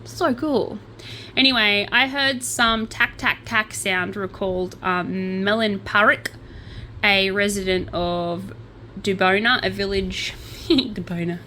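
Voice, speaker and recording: A woman hosts a casual podcast, reading news stories aloud in a chatty, self-deprecating way and stumbling over hard names. Her voice sits at a middling pitch. A faint hiss runs under the recording. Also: steady tone, slow pace, sharp tone. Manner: crochets while talking. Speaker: podcast host.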